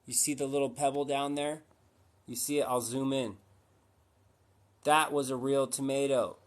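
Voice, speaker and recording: A man hosting a casual livestream, pushy and teasing, firing rhetorical questions at his viewers. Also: medium pitch. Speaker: livestream host.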